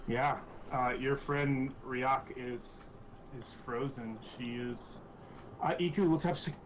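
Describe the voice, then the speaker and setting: A man narrating as game master of a tabletop game, halting and repeating words as he goes. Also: medium pitch, fairly even intonation, muffled recording, a little hiss or hum.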